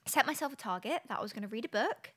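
A woman's voice: a little high, expressive, quick pace. A woman, co-hosting a podcast in casual chat, talking freely with lots of fillers. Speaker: podcast co-host, influencer.

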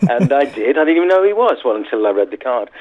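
A man's voice: medium pitch, very animated, fast. Chatty man on a tinny phone line. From England. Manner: chatty, laughing anecdotes. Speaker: guest musician. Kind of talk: casual interview storytelling.

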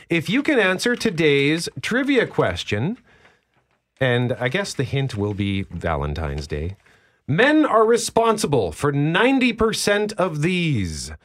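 A young radio host with a mid-pitched voice, chatting in an upbeat, easygoing way. He laughs easily and keeps the talk light from his studio. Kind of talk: casual radio chat.

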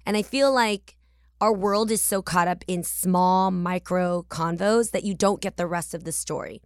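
A woman's voice: on the low side, unhurried, no room sound. A woman in her forties from the Bay Area, hosting a podcast in a chatty, playful, candid and reflective monologue at a studio mic. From San Francisco Bay Area. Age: 40s. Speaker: podcast host.

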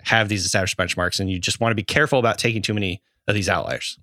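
A man co-hosting a casual sports podcast, laid-back and quick to laugh. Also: on the low side, fairly even intonation, sharp tone, no room sound, studio quality. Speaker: podcast co-host. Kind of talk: casual chat.

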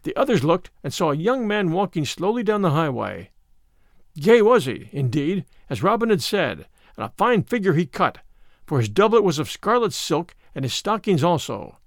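A man reads an old storybook aloud with an expressive, lilting delivery. His voice sits a little high and moves up and down a lot. The sound is close and dry. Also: moderate pace, dry recording.

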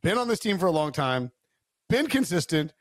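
A man's voice: on the high side, sing-song, normal speed, dry recording, clean studio sound. A male co-host in a casual sports betting chat who rambles, restarts his thoughts and leans on filler words.

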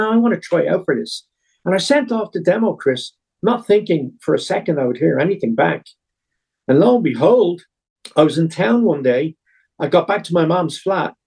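A man's voice: a little high, warm tone, slightly rough. A middle-aged Irish man, a musician guest on a podcast, telling long rambling stories with plenty of fillers. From Ireland. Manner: rambling storyteller with many fillers. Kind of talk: podcast interview.

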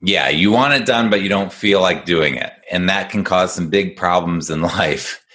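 A man with a deep voice speaks at a moderate pace, sounding pushed and bright. As an executive functioning coach, he explains ideas to a young listener in an upbeat, casual conversation, talking the way one does with kids.

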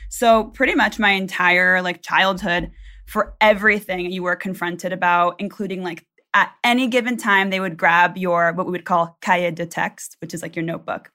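A woman's voice: lowish voice, fairly even intonation, normal speed, sharp tone. A woman, a podcast producer, telling a story in casual chat, rambling with lots of likes and ums. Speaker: senior producer, guest.

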